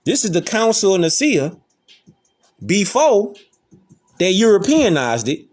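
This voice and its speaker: A man's voice: high voice, very animated, a little slow, a little mellow, soft background music. A man hosting a casual lecture, talking emphatically in slangy street talk and repeating rhetorical questions. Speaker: host. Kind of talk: casual lecture showing images.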